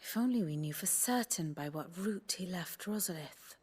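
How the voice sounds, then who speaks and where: A woman's voice: lowish voice, expressive, moderate pace, a little mellow, husky. An actress playing a poised, formal noblewoman in a game who speaks with dry wit.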